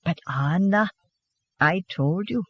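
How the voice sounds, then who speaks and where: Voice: medium pitch, slow, slightly rough, dry recording, muffled recording. An audiobook narrator voicing an affectionate farmer husband who whispers amused remarks to his wife.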